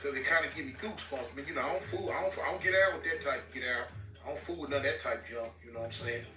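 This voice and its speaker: A man's voice: mid-range voice, racing. A man casually telling a story to his viewers and acting out the people he quotes. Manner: animated, acts out quoted dialogue. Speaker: vlogger telling a prison story. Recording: roomy sound from a distance with faint music.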